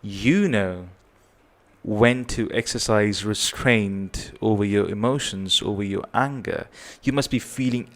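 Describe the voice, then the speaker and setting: A man with a lowish voice speaks a little slowly, giving earnest parenting advice to the camera. He repeats himself and keeps tagging his points with "right?" to check in.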